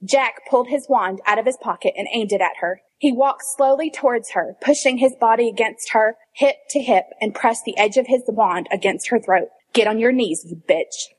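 A woman with a fairly high voice reads fan fiction aloud, expressive and animated. She stops now and then to laugh or to comment on the text. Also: moderate pace, few pauses. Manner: expressive, breaks into laughter and asides. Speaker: reader.

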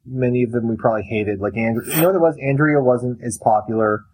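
A man co-hosting a casual podcast chat, telling animated stories and acting out what his wife says. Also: mid-range voice, fast, low-quality recording. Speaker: podcast co-host.

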